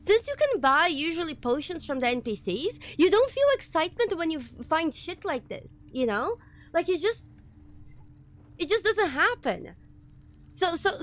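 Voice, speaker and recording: A woman streaming a game live, reacting excitedly, swearing, and thanking viewers in casual chat. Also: sits high. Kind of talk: live gameplay commentary.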